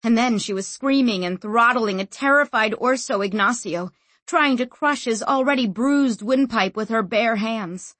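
A woman narrating a novel as an audiobook, expressive and acting out every figure. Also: a little high, normal speed, no room sound. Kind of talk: scripted narration.

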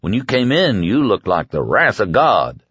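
A man voicing a friendly, folksy camp cook who talks with rough grammar, read from an audiobook. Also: fairly low pitch, sing-song, normal speed, a bit bright, no echo, highs cut off, full character voice. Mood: welcoming.

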